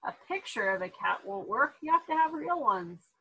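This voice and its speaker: A woman's voice: fairly high pitch, big pitch swings, moderate pace, sharp tone, breathy edge, exaggerated voice, rough recording. A woman voicing a young boy who talks frankly and impatiently. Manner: frank, scolding. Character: blunt, impatient foreign boy.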